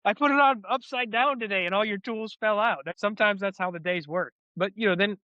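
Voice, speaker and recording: A man talks fast and candidly, looping back over his words as he tells a personal story. His voice sits a little high for a man. The audio is dull and lo-fi. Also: pushed and bright, no room sound. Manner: rambling, repeats words as he restarts. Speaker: guest, former soldier turned wellness advocate.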